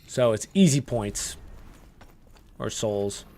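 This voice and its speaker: A young man giving casual gameplay walkthrough commentary, relaxed and chatty, with frequent "uh" and "um" as he explains each step. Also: lowish voice, slow pace. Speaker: gaming guide creator.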